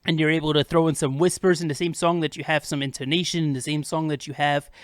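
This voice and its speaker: A man's voice: a little high, fairly even intonation, fast talker, dry recording, studio quality. A young man hosting a casual, unedited music breakdown, chatting upbeat about rap flows with plenty of fillers. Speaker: host of a music breakdown channel.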